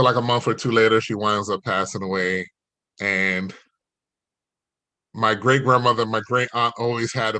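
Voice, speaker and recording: A man's voice: lowish voice, bright, forceful tone, dry recording. A man doing stand-up comedy over a video call, rambling loosely through a family story and laughing at his own jokes.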